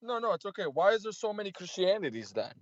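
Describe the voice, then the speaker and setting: A man calling into a debate, answering haltingly with many restarts. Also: high-pitched, sing-song, highs cut off. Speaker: caller. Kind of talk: hesitant debate call.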